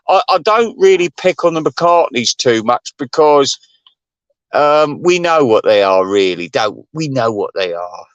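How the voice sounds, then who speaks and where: A man's voice: mid-range voice, lively intonation, measured pace, dry recording, dull audio. A man hosting his channel, ranting in a rambling, gossipy and profane way. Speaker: channel host. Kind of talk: rambling livestream rant.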